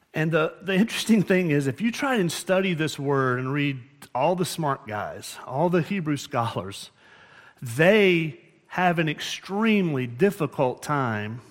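A man preaching as pastor in a church, explaining scripture earnestly and often restarting his phrases. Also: sits high. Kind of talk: sermon. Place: church sanctuary.

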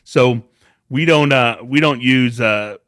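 A man's voice: medium pitch, takes it slowly, a bit bright, no room sound, studio quality. A man hosting a podcast in casual chat, joking and teasing as he sets up segments. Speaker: podcast host.

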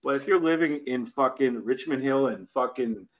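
A man's voice: medium pitch, normal speed, muffled recording. A man hosting a podcast, ranting bluntly and profanely in casual banter. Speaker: podcast host.

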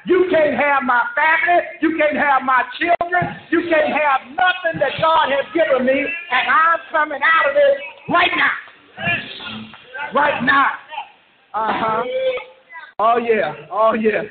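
A man preaching a fervent sermon, repeating phrases and shouting, heard over a conference call. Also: extremely high pitch, slow, very noisy. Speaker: pastor. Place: church service. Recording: echoey, tinny conference-call line.

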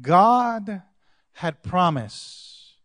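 A man, a pastor, preaching a sermon to his congregation, going from quiet asides to loud calls and acting out quoted lines. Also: sits high, big pitch swings, extremely slow, no room sound. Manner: acts out characters' lines in quoted voices.

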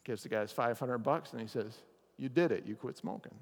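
Animated pastor preaching in a hall. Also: male voice, medium pitch, moderate pace, creaky. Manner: animated storyteller, acts out characters' lines. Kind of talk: chapel sermon with storytelling. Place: chapel or meeting hall.

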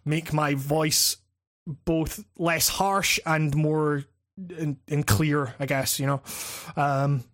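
A man's voice: a little high, steady tone, slow. Rambling Scottish man on a podcast. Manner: rambling, many fillers and restarts, swears casually. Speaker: podcast co-host and video essayist. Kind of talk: casual podcast chat.

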